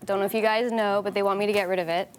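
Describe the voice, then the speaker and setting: A young Canadian actress as a talk show guest, chatty, warm and quick to laugh. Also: female voice, medium pitch, fairly even intonation, a little hiss or hum. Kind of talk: casual interview talk.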